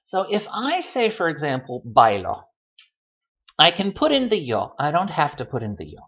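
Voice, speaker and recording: Man as a relaxed, joking language tutor, lively pitch, dull lo-fi computer mic. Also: normal speed. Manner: relaxed, chatty, with dry joking asides. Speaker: Spanish teacher. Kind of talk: recorded language lesson. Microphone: computer microphone.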